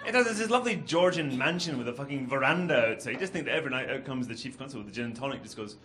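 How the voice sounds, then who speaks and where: A man doing a stand-up comedy set in a club, sweary and rambling, with quick asides. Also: medium pitch, expressive. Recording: noisy live club recording.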